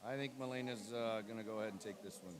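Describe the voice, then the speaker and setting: A man commentating a live swim meet, briskly reading out lanes, names and times and joking with his co-host. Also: lowish voice. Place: indoor pool meet. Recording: loud crowd at a pool.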